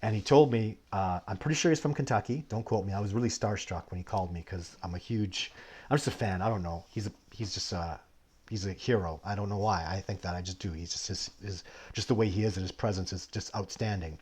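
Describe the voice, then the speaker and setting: A man hosting a casual live Q&A stream, telling long, digressive stories with many restarts. He swings between animated bursts and low, muttered asides. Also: brisk, breathy edge. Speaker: livestream host answering viewer questions.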